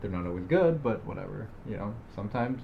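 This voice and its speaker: Rambling low-voiced young man podcaster. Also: expressive, quick pace, vocal fry, muffled recording, a little hiss or hum. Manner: rambling, filler-heavy, self-deprecating. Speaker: podcast co-host. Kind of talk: casual chat.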